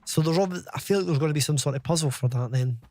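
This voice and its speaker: A man's voice: on the high side, fast talker, a little mellow, a little hiss or hum. A Scottish man in his thirties giving chatty live commentary while streaming a game, reading out chat and swearing casually. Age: 30s.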